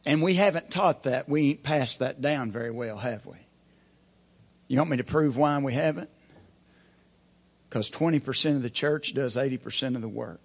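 A pastor delivers a sermon from the pulpit of a church, folksy and plain in his speech, asking the congregation rhetorical questions. He speaks at a medium pitch with a slightly rough voice.

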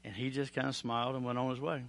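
Middle-aged preacher, bright forceful tone, dry close mic; moves between quiet pleading and loud storytelling. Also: male voice, medium pitch, flat delivery, quick pace, vocal fry, no echo. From Oklahoma. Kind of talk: sermon with altar call and personal story.

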